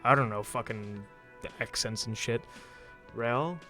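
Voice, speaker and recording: A man's voice: lowish voice, steady tone, fast, a bit bright, faint music behind. A man streaming a video game, reading its text aloud with offhand, mumbled asides.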